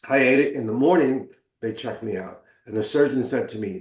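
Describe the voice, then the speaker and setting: A man of ordinary pitch tells his own story as an interview guest, earnest and openly emotional. He slips into the voices of the people he quotes. The room gives his voice a noticeable echo. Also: fairly quick, few pauses, a little mellow. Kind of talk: storytelling in conversation. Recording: roomy echo.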